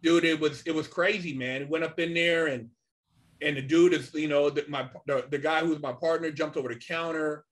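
A middle-aged man telling a story casually and animatedly, swearing often and filling pauses with "you know" and "man". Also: a little high. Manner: animated, swears a lot, many fillers. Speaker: podcast guest.

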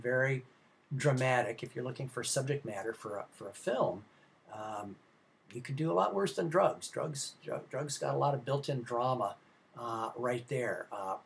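A male film instructor giving a recorded slide lecture, chatty and rambling, with many filler sounds and restarts, speaking directly to his students. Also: medium pitch. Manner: conversational, addresses students directly.

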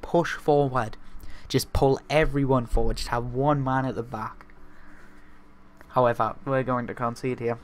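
A young man, from north-east England, hosting a let's-play of a football management game and swinging between muttering and excited outbursts. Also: mid-range voice, unhurried, slight background noise. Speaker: gaming video host.

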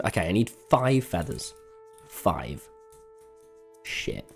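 Excitable young man streaming games. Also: medium pitch, a little fast, soft background music. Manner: excitable, swears freely, jumps between game and chat. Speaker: game streamer. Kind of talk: live-stream chat while playing.

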